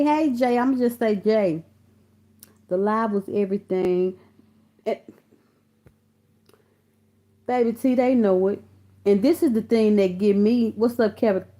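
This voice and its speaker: A woman's voice: on the high side, warm tone. A woman hosting a casual live stream from her phone or computer, greeting viewers by name and talking bluntly with lots of cursing. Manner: blunt and profane, calling viewers honey and baby. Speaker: livestream host reading viewer comments. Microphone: phone or computer mic.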